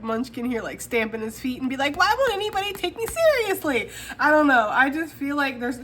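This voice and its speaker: Bright-voiced chatty woman tarot reader. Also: a little high, slight background noise. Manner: chatty, laughs often, talks straight to the viewer. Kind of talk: casual tarot reading to camera.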